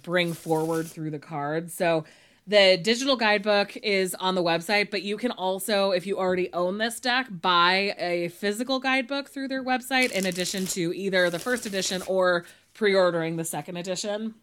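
A woman's voice: medium pitch, fairly bright tone. A woman co-hosting a podcast, chatting in a casual, upbeat way and often laughing. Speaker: podcast co-host. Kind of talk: casual chat.

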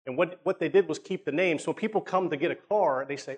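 A man with a voice on the high side preaches conversationally, frequently checking in with listeners and repeating words. He slows down to stress his key points.

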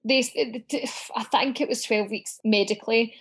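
A woman's voice: fairly high pitch, unhurried, a bit bright, slightly rough. Frank, sweary woman telling her story. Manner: frank, sweary, acts out quoted dialogue. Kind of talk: candid personal storytelling.

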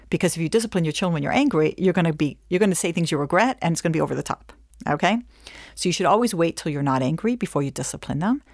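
A woman Jewish educator giving a lively lesson, acting out scenes as she tells stories. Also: low-pitched, no echo, clean studio sound. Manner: animated storyteller acting out scenes. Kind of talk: lively teaching talk.

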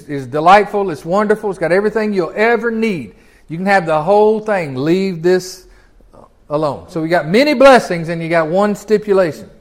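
A folksy man with a drawl teaches scripture to a small group. His voice sits high for a man, and his delivery is animated and conversational, broken up by chuckles and restarts. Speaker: pastor teaching a Bible class.

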